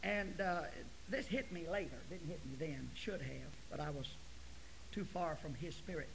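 A male preacher giving a folksy sermon, dropping to near-whispers and then rising to loud, forceful preaching. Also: fairly high pitch, moderate pace, creaky, a little hiss or hum, low-quality recording. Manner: folksy storytelling.

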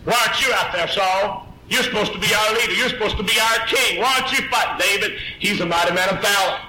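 A preacher acting out a fearless young shepherd boy who shouts insistent questions at his older brothers. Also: high-pitched, fast, reverberant, far from the mic, a little hiss or hum, low-quality recording. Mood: determined.

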